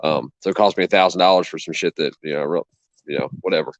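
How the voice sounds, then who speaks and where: A man with a fairly low voice tells a story in a casual, indignant way, swearing freely and acting out what each person said. The sound is dull and lo-fi, dry and close, with no room around it. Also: fast talker, no room sound. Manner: indignant, profane, acts out both sides of a conversation. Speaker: channel host.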